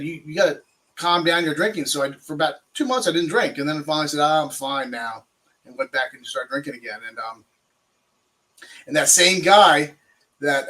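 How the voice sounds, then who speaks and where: An older man from Maryland telling his own story of getting sober, as a guest in an interview. His voice sits a little higher than most men's, and he talks in a halting way, with many fillers, repeats and restarts. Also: bright, forceful tone, poor audio. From Maryland, USA. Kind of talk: personal recovery story.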